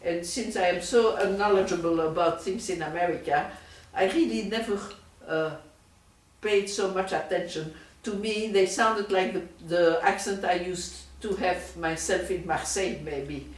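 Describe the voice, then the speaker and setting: An older woman from Europe, a retired doctor, giving an oral history interview in slow, digressive, reflective stories. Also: lowish voice, distant mic. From Europe, France and Belgium. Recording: roomy echo, voice from off-mic.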